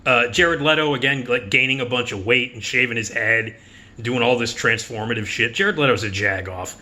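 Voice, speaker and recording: A bright, forceful male voice in a casual movie preview. He talks bluntly and swears freely. He is sarcastic and dismissive, and he breaks into quick mocking impressions. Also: mid-range voice, fairly even intonation. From United States. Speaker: film critic.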